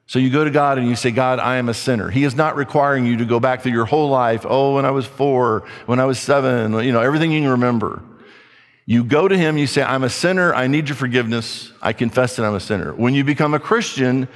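A man's voice: mid-range voice, fast talker. Man preaching in a reverberant hall. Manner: emphatic, conversational preaching with rhetorical questions. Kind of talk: sermon.

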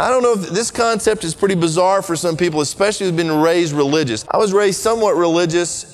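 High-voiced man preaching in a hall. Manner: earnest, conversational preaching with swings in pitch and pace. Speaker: pastor. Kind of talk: sermon.

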